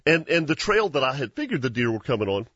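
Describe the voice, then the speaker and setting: A man, hosting a hunting show and telling a story in an animated way, with frequent laughs and restarts. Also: mid-range voice, quick pace, slightly rough, no echo, lo-fi sound. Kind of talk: casual storytelling chat.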